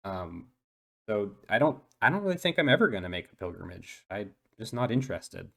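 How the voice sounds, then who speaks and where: Man doing a stammering young dolphin boy, low-ish voice, hesitant and earnest, tabletop role-play. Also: lively intonation, a little fast, creaky, fairly bright tone, full character voice. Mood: shy, earnest. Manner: hesitant, full of ums and restarts. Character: shy eight-year-old dolphin boy.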